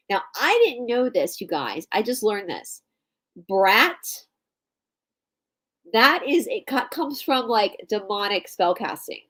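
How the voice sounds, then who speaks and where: A woman's voice: mid-range voice, sing-song, takes it slowly, fairly bright tone, slightly rough, rough recording. A woman from Atlanta, co-hosting a live online show, explaining things in a chatty way and talking straight to her listeners. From Atlanta, Georgia. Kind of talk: casual chat, explaining and reading aloud.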